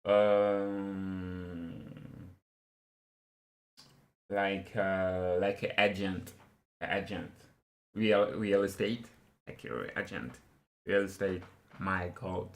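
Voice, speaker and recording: Male streamer, French native, slow and halting, lowish voice. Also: fairly even intonation. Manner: halting, searching for words, many restarts. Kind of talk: casual live-stream commentary.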